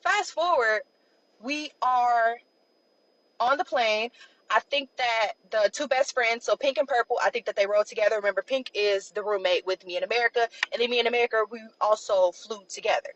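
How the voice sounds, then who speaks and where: A young woman casually telling a personal story, loose and chatty, full of "like" and quick asides. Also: on the high side, a bit bright, rough recording. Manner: chatty, loose, peppered with "like" and "blah, blah".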